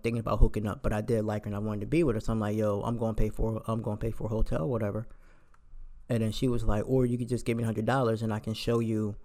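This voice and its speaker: A man's voice: medium pitch, darkish tone. Profane ranting young man. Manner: heated, profane, rhetorical questions. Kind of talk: casual rant.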